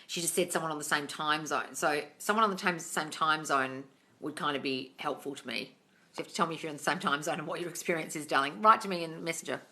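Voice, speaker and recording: A young woman runs a casual live Q&A, reading comments aloud and firing back frank, sweary answers. She calls everyone darling. Her voice sits a little low but sounds bright and forceful. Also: fast talker. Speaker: manifesting coach hosting a live Q&A.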